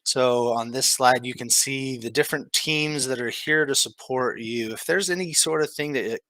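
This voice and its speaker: Bright-voiced man leading a training. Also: mid-range voice, no room sound, low-quality recording. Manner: relaxed, many ums, slow and measured. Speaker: training team manager. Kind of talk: online training presentation.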